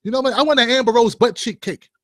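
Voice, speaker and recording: Male vlog host, high voice, joking opinionated commentary with rhetorical asides. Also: fast, fairly bright tone, no echo, clean studio sound.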